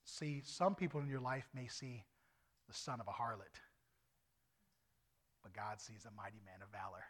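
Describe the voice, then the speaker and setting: A middle-aged man preaching his testimony as an evangelist, animated and swinging from loud to hushed. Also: medium pitch. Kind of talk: testimony sermon.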